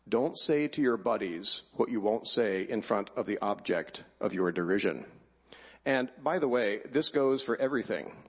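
A man's voice: fairly low pitch, slightly rough. A middle-aged man giving a wry, emphatic personal speech at a choir event before introducing the choir. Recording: long hall reverb.

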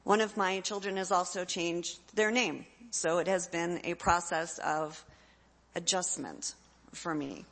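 A woman's voice: on the low side, fairly even intonation, measured pace, fairly bright tone. A middle-aged woman, a parent, giving an earnest, heartfelt talk to an audience. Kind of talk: personal speech to an audience. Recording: long hall reverb.

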